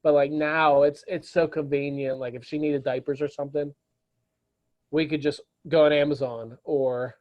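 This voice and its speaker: A man's voice: a little high, flat delivery, moderate pace, darkish tone, highs cut off. A young adult man chatting casually as a podcast guest, often restarting and repeating words. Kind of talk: casual chat.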